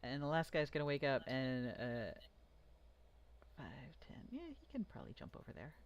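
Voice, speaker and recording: A game master narrates a tabletop battle with a lively, swooping voice and a playful touch. The sound is dull and lo-fi, like stream audio. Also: medium pitch, normal speed, vocal fry.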